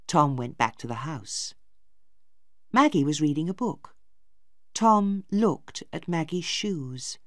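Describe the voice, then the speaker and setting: A woman narrating a simplified story for English learners, slow, clear and expressive. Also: low voice, no echo, clean studio sound.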